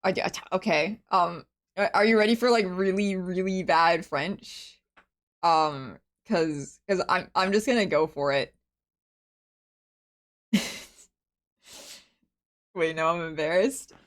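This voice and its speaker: A woman's voice: on the low side, slow, long pauses. A woman streaming a story game from her home computer, chatting casually, laughing often and swearing freely. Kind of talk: casual live-stream commentary.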